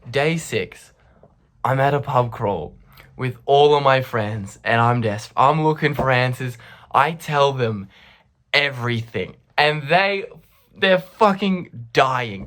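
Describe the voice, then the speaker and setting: Laughing, swearing young-sounding man telling a story. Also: medium pitch. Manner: animated, laughing often, heavy swearing. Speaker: vlogger telling a personal story. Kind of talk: casual storytime monologue.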